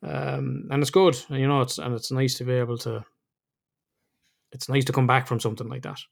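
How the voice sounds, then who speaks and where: A middle-aged man chatting on his podcast, open and reflective, with swearing dropped in freely. His voice has a gravelly, creaky edge at a medium pitch. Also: level tone, moderate pace. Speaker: podcast host. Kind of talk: casual podcast chat.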